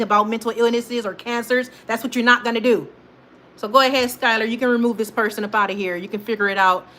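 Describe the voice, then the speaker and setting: A woman hosting a casual livestream, talking straight to her chat and moderators, scolding trolls in lively, informal speech. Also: mid-range voice. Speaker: livestream host.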